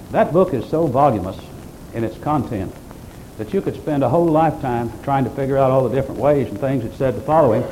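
A man's voice: medium pitch, mellow, slight background noise, poor audio. A man preaching a sermon at a church service, quoting scripture at length in old-fashioned phrasing, with folksy, homespun asides. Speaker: pastor.

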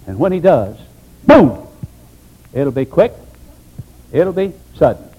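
A man pastor preaching an emphatic sermon, dropping low for solemn points. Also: very animated, moderate pace, breathy edge, phone-quality sound.

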